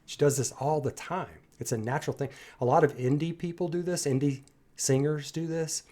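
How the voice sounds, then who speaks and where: A man's voice: on the high side, steady tone, moderate pace, mellow. A man hosting a music reaction video, breaking down a singer's performance in an enthusiastic, admiring way that rambles with restarts. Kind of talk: music analysis commentary.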